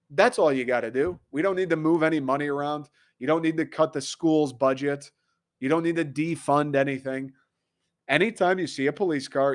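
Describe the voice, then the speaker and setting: A young adult man delivering an exasperated, incredulous comedic rant, riffing and acting out quotes. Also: fairly high pitch.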